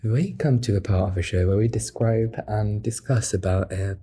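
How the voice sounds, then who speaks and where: A man co-hosting a student podcast in casual chat, relaxed and quick to laugh, with hesitant fillers when he explains research. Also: on the low side, husky. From half French. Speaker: podcast co-host.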